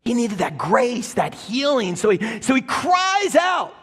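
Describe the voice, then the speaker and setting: A man's voice: very high voice, very animated, unhurried, fairly bright tone, slightly rough, raised voice. A man preaching a sermon as a pastor, dramatic, crying out quoted lines at full voice. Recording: long hall reverb.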